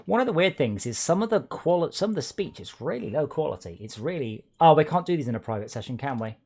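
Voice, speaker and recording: A man's voice: a little high, sing-song, quick pace, darkish tone, husky. A man streaming a video game with friends, chatting casually in a rambling, sweary way and often breaking off mid-sentence. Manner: rambling, sweary, self-interrupting. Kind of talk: casual gaming chat.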